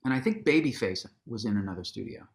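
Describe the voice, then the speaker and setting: A man's voice: quick pace, creaky. A man telling a long anecdote in an onstage conversation, casual and profane, acting out what people said with sudden jumps in his voice. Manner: animated storyteller, acts out quotes with big pitch jumps; casual, swears freely, restarts sentences. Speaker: guest, musician and author.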